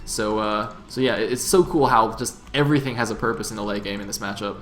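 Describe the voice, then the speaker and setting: Man, game commentator, analytical, loud in fights, very quick, music behind. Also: lowish voice, fairly even intonation. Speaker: esports caster.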